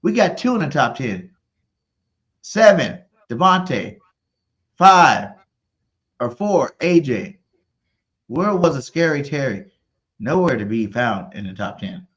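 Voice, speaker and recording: A man of ordinary pitch brags about his football team in a casual sports debate, repeating his point to hammer it home. His voice comes through slightly dull and muffled, as if over a modest mic. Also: sing-song, takes it slowly, pauses often, fairly bright tone. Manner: boastful, insistent fan banter. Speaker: sports podcast co-host.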